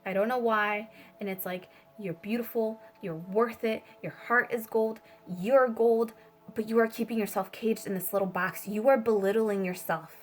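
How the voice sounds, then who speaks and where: A woman's voice: mid-range voice, fairly even intonation, moderate pace, faint music behind. A woman giving a casual spiritual tarot reading, rambling with many fillers and swearing freely. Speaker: tarot reader.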